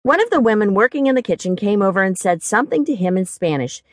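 Wry, expressive woman audiobook narrator. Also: mid-range voice, fast talker, no echo, clean studio sound. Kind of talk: first-person scripted narration.

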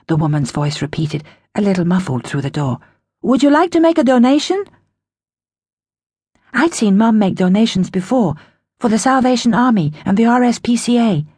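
A woman's voice: mid-range voice, a little mellow, slightly rough, no echo, clean studio sound. A woman narrating a children's audiobook in the first person, telling the story with expression.

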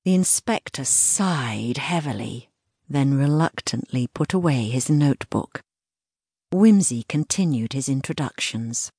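A woman narrating a children's audiobook in a measured storytelling manner. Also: rumbling low, expressive, a little mellow, husky, no room sound, clean studio sound.

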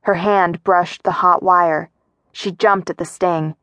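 Audiobook narrator: woman, lowish voice, steady first-person storytelling, dry close-mic studio sound. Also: slow pace, dry recording.

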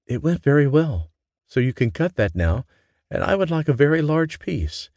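A man voicing a cheeky, lively young woman who works as a seamstress. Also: on the high side, normal speed, no room sound, studio quality, voice pushed up. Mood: cheerful.

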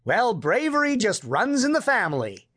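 A man voicing a warm, bustling older grandmother in a storybook. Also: high voice, very animated, unhurried, heavily acted. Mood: fussing.

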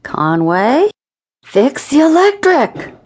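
A woman voicing a vain, balding male office boss who fears the dark, in a lowered, gruff storybook voice. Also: moderate pace, no echo, studio quality. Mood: yelling.

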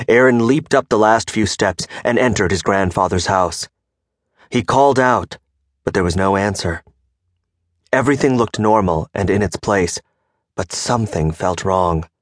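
Male audiobook narrator, lowish voice, measured storytelling, dry close studio sound. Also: no echo. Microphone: close studio mic.

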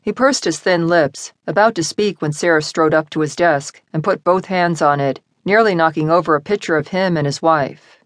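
A woman narrating an audiobook in measured, expressive storytelling. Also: deep voice, dry recording, studio quality. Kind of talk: scripted narration.

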